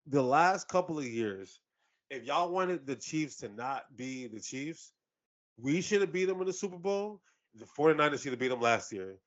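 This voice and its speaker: A man co-hosting a casual sports podcast, loud and animated, full of slang and quick laughs. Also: on the high side, dull audio. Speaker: podcast co-host.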